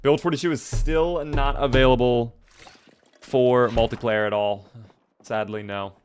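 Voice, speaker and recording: A man's voice: medium pitch, steady tone, unhurried, slight background noise. A man streaming a video game live, chatting casually and answering viewer messages as he plays.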